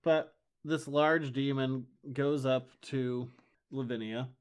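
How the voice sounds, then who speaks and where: A man's voice: mid-range voice, steady tone, clean tone. A man co-hosting a casual chat podcast, recapping comics with wry, enthusiastic asides. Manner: enthusiastic, wry, acts out lines in quick bursts. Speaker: podcast co-host.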